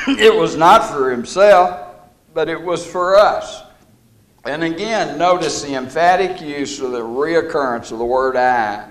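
A middle-aged man preaching a sermon, folksy and deliberate, leaning on key words. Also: a little high, fairly bright tone.

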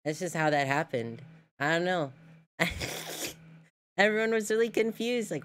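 Woman streamer, low voice, casual giggly chat, faint background hiss. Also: lively intonation, measured pace, a bit bright. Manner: chatty and giggly, with frequent laughs and fillers. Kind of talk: casual chat reacting to clips.

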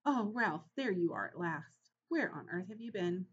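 A woman's voice: lowish voice, lively intonation, normal speed, husky, lo-fi sound. A woman voicing a fretful, agitated mother mouse in a children's storybook reading. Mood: alarmed. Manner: agitated, fussing.

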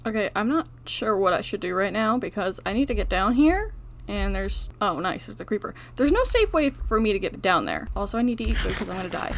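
A young woman talking viewers through her survival game in a chatty, self-deprecating way, tired from little sleep. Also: medium pitch. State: sleep-deprived. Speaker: gaming channel host. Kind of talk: casual let's-play commentary.

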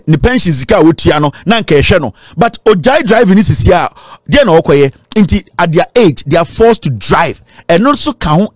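A man's voice: sits high, no echo, studio quality. A Ghanaian man giving impassioned political commentary, mixing Twi and English.

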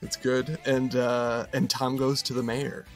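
A man's voice: medium pitch, flat delivery, a little slow, soft background music. A man in his thirties co-hosting a podcast, running through a list in casual chat, chuckling and trailing off between items. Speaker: podcast co-host.

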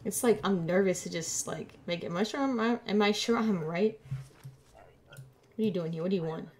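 A woman streamer casually commenting on a game, muttering to herself as she checks documents, playful and unhurried. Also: mid-range voice, slight background noise. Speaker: gameplay streamer. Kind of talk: casual let's-play commentary.

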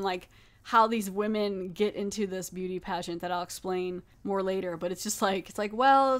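A woman hosting a podcast who recaps a TV episode in a casual, chatty way, laughing and mockingly acting out the characters' lines. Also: medium pitch. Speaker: podcast host.

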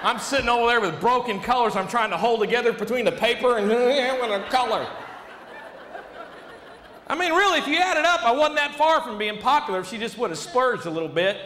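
Man, stand-up comedian, high voice, high-energy, rambling, echoey club, noisy. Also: expressive, fast, few pauses, bright, forceful tone. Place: live comedy club stage. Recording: echoey hall with audible noise.

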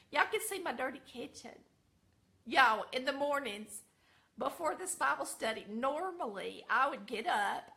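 Chatty Southern woman with a lively voice. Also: high voice, gravelly. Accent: Southern American. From American South. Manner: chatty, folksy, addresses viewers as y'all. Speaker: vlogger. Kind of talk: casual chatty home vlog. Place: home kitchen.

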